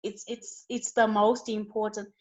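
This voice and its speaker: A woman's voice: medium pitch, flat delivery, measured pace, darkish tone, low-quality recording. A woman guest giving an earnest faith testimony in an interview, preaching with rising bursts of emphasis.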